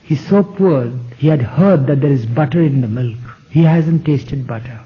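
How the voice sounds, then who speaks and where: Clever calm minister, as a man puts him on. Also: mid-range voice, moderate pace, close to an everyday voice. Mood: explaining. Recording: dull 1970s tape recording.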